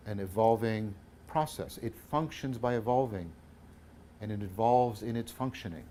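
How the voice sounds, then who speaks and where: A man giving a philosophy lecture, thinking aloud, correcting himself often and tagging points with "right?", his loudness swinging between emphatic and hushed. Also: mid-range voice, slight background noise.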